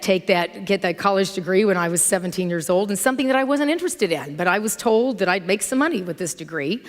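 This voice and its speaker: Woman minister, middle-aged, conversational sermon, animated storyteller, mid pitch, church reverb. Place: church sanctuary. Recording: long hall reverb from church.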